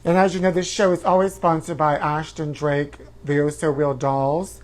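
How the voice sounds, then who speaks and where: A man's voice: on the high side, flat delivery, normal speed, close to an everyday voice. A man doing a brassy camp tabloid-show hostess. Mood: campy gossip. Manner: drawling, calls everyone honey, sudden whooping shrieks. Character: brassy self-absorbed woman tabloid talk-show host. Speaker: host. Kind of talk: campy comedic live-stream character.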